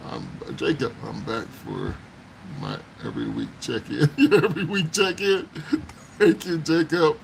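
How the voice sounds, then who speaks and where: A man's voice: a little high, wildly swooping pitch, takes it slowly, creaky, slight background noise, low-quality recording. A man hosting a casual livestream, chatting with viewers, laughing often and exclaiming as he talks. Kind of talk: casual live chat. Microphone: phone.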